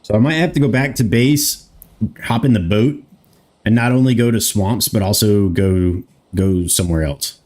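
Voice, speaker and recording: Playing a game on stream, a US man around thirty loosely chats with his audience, talking back to chat, wandering off topic and cursing casually. His voice is lowish and a little mellow, at a moderate pace.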